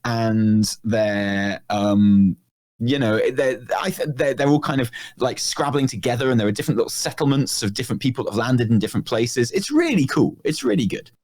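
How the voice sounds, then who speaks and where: A man's voice: mid-range voice, animated, moderate pace, a little mellow. A man co-hosting a podcast, chatting casually and jokingly, rambling with lots of fillers. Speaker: podcast co-host. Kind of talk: casual chat.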